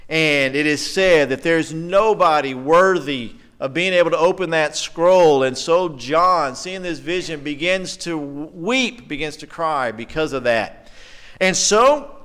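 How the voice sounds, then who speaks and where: A man preaching a conversational sermon in a church, animated and chatty, often putting questions to the congregation. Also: fairly high pitch, a little slow, clean tone. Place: church sanctuary.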